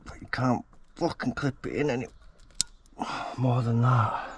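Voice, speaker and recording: A man's voice: mid-range voice, steady tone, measured pace. Guy swearing his head off at a car part in his garage, fed up, muttering away, bit of background hum. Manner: exasperated, swearing, muttering to himself while working. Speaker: car mechanic filming a teardown. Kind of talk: working commentary to camera.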